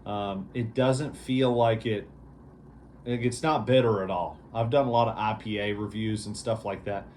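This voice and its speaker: A man's voice: fairly low pitch, fairly even intonation, normal speed, darkish tone, a little hiss or hum. A man hosting a casual vlog review, talking in an easygoing, rambling way with lots of fillers. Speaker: beer reviewer, show host.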